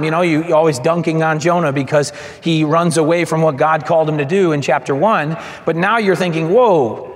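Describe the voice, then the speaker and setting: A high-voiced man preaches in a big hall whose reverb trails after every phrase. He is animated and throws himself into each quoted line, and his delivery swings from loud to hushed. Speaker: pastor. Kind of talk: sermon.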